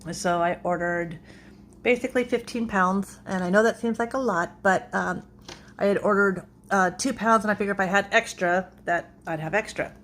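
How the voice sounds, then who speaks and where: A woman's voice: mid-range voice, normal speed, fairly bright tone, a little hiss or hum. A woman casually retelling a frustrating store run-in, exasperated and recounting every exchange. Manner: exasperated, retells the argument blow by blow. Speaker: vlogger. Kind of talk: casual complaint story.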